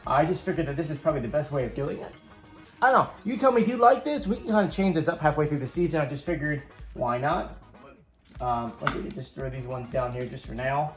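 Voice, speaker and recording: A fast-talking YouTube host with a slightly high, animated voice shows off a homemade game board in a casual walkthrough. He keeps it chatty and upbeat, drifting into rambling asides, over faint music.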